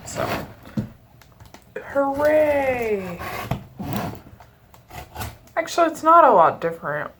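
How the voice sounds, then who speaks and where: A woman's voice: mid-range voice, noisy background. A young woman chatting casually while unboxing a collectible figure at home, joking and wandering into rambling asides. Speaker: vlogger.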